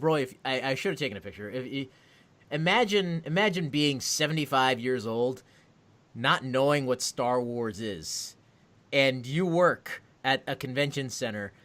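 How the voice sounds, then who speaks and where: A man co-hosting a podcast, telling an animated, profane story in casual chat. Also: medium pitch. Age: adult with a daughter. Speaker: podcast co-host.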